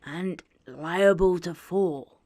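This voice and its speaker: A woman voicing an old miserly man in a storybook reading, speaking in low, hushed exclamations. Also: slow, creaky, husky, heavily acted. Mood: stirred.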